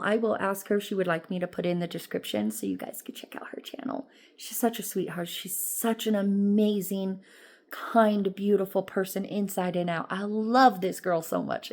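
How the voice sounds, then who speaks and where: A woman's voice: medium pitch, a little mellow. A woman vlogger and rideshare driver talking in a chatty, rambling, emotional and upbeat way. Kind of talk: casual vlog chat.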